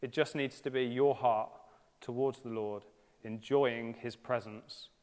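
A man in his thirties giving a sermon as preacher, earnest and conversational with gentle humour. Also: mid-range voice, steady tone, measured pace. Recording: long reverb of a large church hall.

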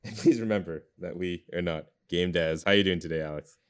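A man's voice: low voice, brisk, clean tone. A man hosting a podcast in a rambling casual chat, full of fillers and restarts. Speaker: podcast host.

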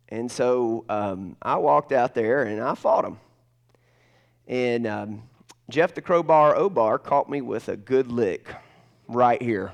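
A man preaching a sermon, telling a personal story, swinging from loud bursts to hushed asides. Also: medium pitch, animated, a little slow. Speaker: pastor.

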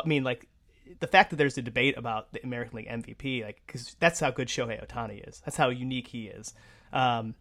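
A woman co-hosting a sports podcast, ranting casually with lots of fillers and restarts. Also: extremely low pitch. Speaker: podcast co-host.

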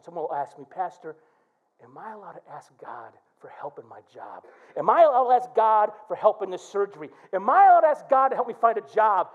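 Animated high-voiced male pastor preaching. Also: lo-fi sound. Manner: animated preaching with quoted prayers. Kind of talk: sermon.

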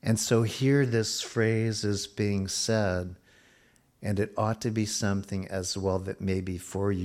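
A middle-aged man preaching a sermon, slowing down for emphasis and dropping to a near hush at times. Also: fairly low pitch. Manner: expressive preaching, slows for emphasis and drops to a hush. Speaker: pastor.

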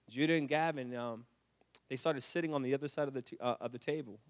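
A middle-aged man preaching a sermon, telling stories with repeated restarts and building to loud, impassioned climaxes. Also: medium pitch, fast, long reverb tail. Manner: storytelling with repetitions and restarts. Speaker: pastor.

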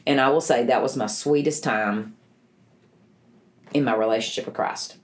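A woman's voice: a bass voice, moderate pace. A woman, a bereaved mother telling a personal story in an interview, earnest and emotional with many restarts.

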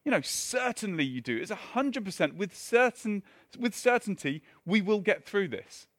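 A male preacher delivering a sermon in a loose, conversational way, breaking off for wry asides and restarting his sentences. His voice sits fairly high for a man and sounds close and dry, with little room around it. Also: big pitch swings, moderate pace, a bit bright, no echo.

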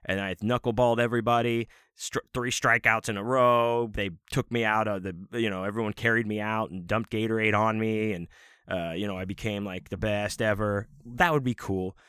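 Rambling low-voiced man telling a story. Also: steady tone, normal speed, fairly bright tone, smooth, dry recording, studio quality. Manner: rambling, profane, self-mocking. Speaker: podcast host. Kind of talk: casual storytelling monologue.

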